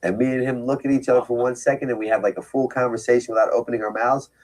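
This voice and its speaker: With a darkish tone and fairly even intonation, this medium-pitched man talks rapid-fire over a low-quality recording. In a personal storytelling talk he describes his recovery, candid and emphatic about his past, frequently tossing in rhetorical asides.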